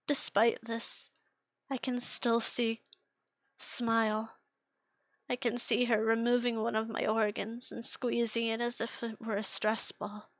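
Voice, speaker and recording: Slow, anguished young woman storyteller. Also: fairly high pitch, a bit bright, dry recording. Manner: slow, anguished delivery that drops to whispers. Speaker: author reading her own story. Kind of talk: dramatic first-person story reading.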